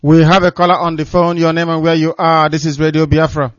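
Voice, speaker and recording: A man's voice: fairly high pitch, little pitch movement, brisk, no room sound, lo-fi sound. A man hosting a radio call-in show, courteous but direct as he prompts his callers. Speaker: radio host.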